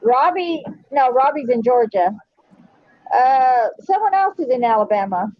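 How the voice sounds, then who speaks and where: A woman's voice: high voice, animated, measured pace, no room sound. A woman hosting a casual live-stream chat, talking in a playful, coaxing way. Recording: dull, dry lo-fi audio.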